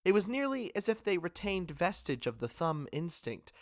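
A man reading a literary first-person story aloud in a measured way. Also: high voice, sing-song, dry recording, clean studio sound. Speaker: narrator.

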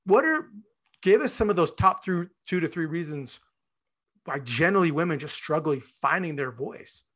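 Enthusiastic bright-toned man host. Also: fairly high pitch, animated, moderate pace. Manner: enthusiastic, rambling, acts out little scenes. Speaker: podcast host. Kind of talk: interview conversation.

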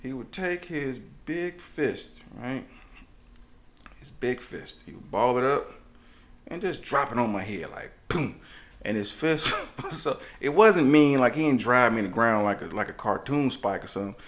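Animated man telling stories casually. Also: medium pitch, measured pace, slight background noise. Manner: animated, laughs often, mimics voices in stories. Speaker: podcast co-host. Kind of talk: casual storytelling chat.

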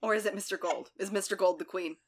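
A woman's voice: mid-range voice, fast. A woman co-hosting a podcast, reacting to the recap with wry jokes in casual chat. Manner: wry, joking reactions and quips. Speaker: podcast co-host.

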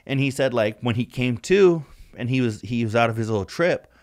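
A man co-hosts a podcast in a casual, rambling chat, swearing freely and dropping "like" into almost every sentence. His medium-pitched voice is expressive and brisk, with a somewhat dark tone.

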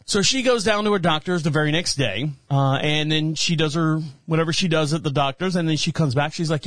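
A middle-aged male radio host with a fairly high voice tells a rambling personal story, chuckling as he goes and slipping into other people's voices. He is close on a studio mic, and the sound is very dry and free of room echo. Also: fairly quick, few pauses. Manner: animated, laughs while telling stories, acts out voices. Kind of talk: casual storytelling monologue.

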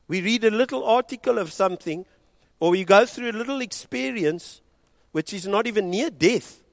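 A South African pastor with a high voice preaches an impassioned sermon, swinging between hushed and loud delivery. He switches back and forth between English and Afrikaans. There's no room sound on the recording.

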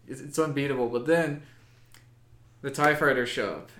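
Man, casual chat, excitable, swears a lot, mid pitch, roomy echo. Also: normal speed, slight background noise. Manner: excitable and profane, full of fillers.

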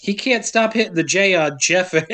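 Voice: medium pitch, measured pace, fairly bright tone, a little hiss or hum. A podcast co-host recapping a movie in casual chat, wry and sarcastic, laughing often.

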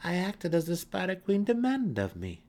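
A man voicing a proud, scornful female dark elf matron, delivering her lines high, loud and defiant. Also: animated, normal speed.

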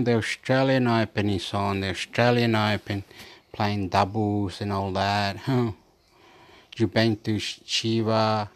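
Speaking in a lowish voice, a man from Chile talks on in a loose, repetitive way, casually reading pieces from a screen between his rambling remarks.

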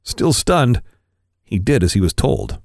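A man, a podcast co-host, reading an erotic story aloud with expressive, varied delivery. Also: fairly low pitch, measured pace, creaky, no room sound, clean studio sound.

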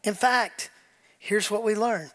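A man giving a conversational sermon as pastor, animated and casual, acting out quotes as he preaches in a church. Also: high-pitched, slow pace. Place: church sanctuary with congregation.

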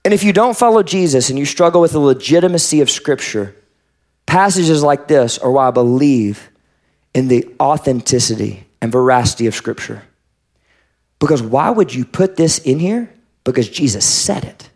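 A man's voice: mid-range voice, animated, moderate pace, a little mellow. A male pastor giving a conversational sermon, speaking the scripture he quotes in character.

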